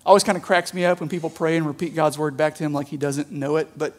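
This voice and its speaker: A man's voice: a little high, level tone, fast talker. A man preaching a sermon as a pastor, talking casually with lots of "like" and "right?".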